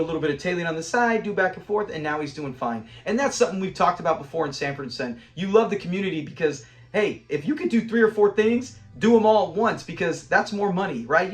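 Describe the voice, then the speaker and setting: A man casually reviewing a classic sitcom episode, enthusiastic, quoting the characters and laughing often. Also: a little high. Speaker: show reviewer.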